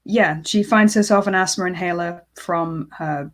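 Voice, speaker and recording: A woman's voice: lowish voice, normal speed. A woman co-hosting a casual film chat, recounting the plot dryly with many hesitant fillers. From Britain. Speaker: co-host.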